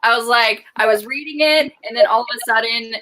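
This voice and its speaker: Effusive woman co-host with a bright, forward voice, a little high. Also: brisk, poor audio. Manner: enthusiastic, effusive. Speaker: book club co-host. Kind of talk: casual live stream chat.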